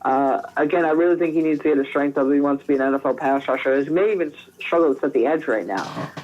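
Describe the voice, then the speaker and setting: A man with a fairly high voice co-hosts a casual sports podcast, breaking down prospects in an easy conversational way. He restarts his sentences often. The recording sounds slightly dull. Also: quick pace, darkish tone. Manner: conversational, frequent restarts and fillers. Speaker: podcast co-host. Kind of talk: casual draft analysis.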